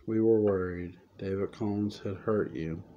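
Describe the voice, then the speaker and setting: A man reading a story aloud, voicing a calm, coaxing male orderly at a sanitarium who gently reassures a patient. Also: fairly low pitch, unhurried, dull audio, lightly acted. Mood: soothing.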